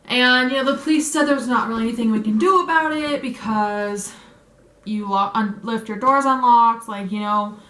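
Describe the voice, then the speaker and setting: A woman's voice: on the high side, fairly bright tone. A young adult woman vlogger telling a story in a chatty way, full of "like" and "um", with a lot of feeling. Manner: chatty, fills with "like" and "um", emotional retelling. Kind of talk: casual story time. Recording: echoey room.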